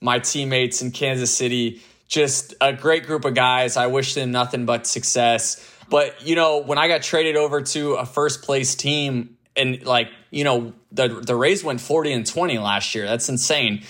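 A man's voice: mid-range voice, fairly even intonation, a little slow, hardly any pauses, a bit bright. A man from the Tampa area, a pro ballplayer, chatting as an interview guest with lots of fillers and laughter. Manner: loose, laughing, full of fillers. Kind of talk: casual interview chat.

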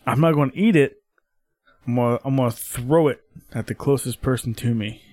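A man's voice: medium pitch, normal speed, a little mellow, no echo. Man playing a tabletop game, blunt. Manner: blunt, playful declarations. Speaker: player.

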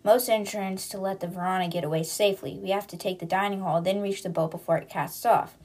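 A woman voicing a steady, tactical man in a casual book recap, giving clipped, matter-of-fact orders. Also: mid-range voice, quick pace, husky.

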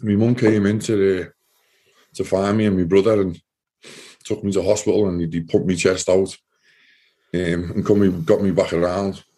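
Deep, low-voiced man, halting. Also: level tone, dark tone. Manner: halting, repeating words, voice heavy with distress. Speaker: interview guest, former soldier. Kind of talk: emotional personal testimony.

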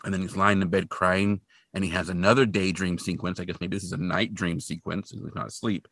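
A man hosting a podcast, casually recapping a movie as an animated storyteller who acts out the characters. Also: sits low, brisk, no echo, clean studio sound. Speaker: podcast host.

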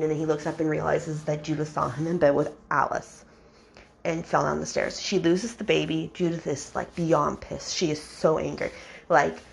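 A young woman hosting a podcast, casually recapping a romance novel in an animated, exasperated way and mock-quoting the characters. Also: low-pitched, vocal fry, slight background noise. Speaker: podcast host reviewing a book.

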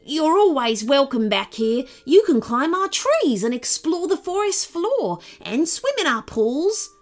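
A woman voicing a gentle, grateful male musky rat kangaroo who speaks in a warm, friendly, cheerful way in a storybook reading. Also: high-pitched, big pitch swings, measured pace, voice pushed up.

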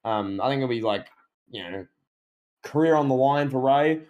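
A man co-hosting a podcast in casual chat, excitable and riffing with plenty of "like". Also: mid-range voice, moderate pace. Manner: excitable, riffs with lots of "like" and laughter. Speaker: podcast co-host.

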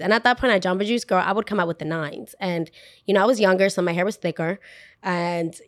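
A woman podcast host telling a story in a casual monologue. She talks in an animated, chatty way and uses a lot of "like" asides. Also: fairly low pitch, brisk, no room sound, clean studio sound.

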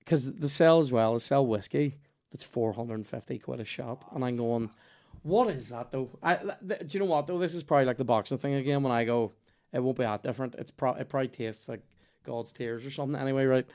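A man, hosting a podcast and telling animated, sweary stories in casual chat. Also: mid-range voice, quick pace. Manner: animated, sweary, acts out voices in his stories. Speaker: podcast host.

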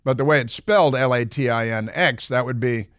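A man's voice: mid-range voice, brisk, fairly bright tone, clear, resonant tone, dry recording. A man hosting a talk radio show, delivering a sarcastic, mocking opinion monologue into a studio microphone.

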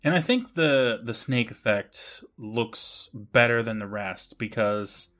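A man's voice: mid-range voice, animated, slow, fairly bright tone, soft background music. A man co-hosting a podcast, casually recapping an episode with lots of laughter and swearing, often mimicking the characters. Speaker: podcast co-host.

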